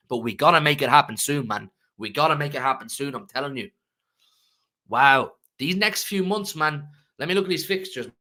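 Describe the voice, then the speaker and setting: A man's voice: fairly high pitch, sharp tone. A man hosting a fan channel, ranting emotionally about football to his live chat and repeating himself for emphasis.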